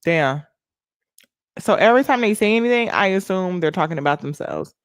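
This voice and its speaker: A young adult woman hosting a casual livestream, animated and laughing as she thanks viewers by name. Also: fairly low pitch, brisk, no echo, clean studio sound. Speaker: livestream host.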